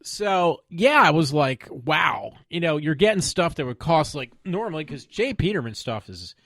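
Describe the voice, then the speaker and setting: A man's voice: on the high side, very animated, moderate pace, a bit bright, dry recording, studio quality. A man hosting his own web show from home, chatting casually with lots of fillers, rambling asides and sarcastic mock pleading. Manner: rambling, many fillers and trailing off. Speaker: podcast host. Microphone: desk microphone at home.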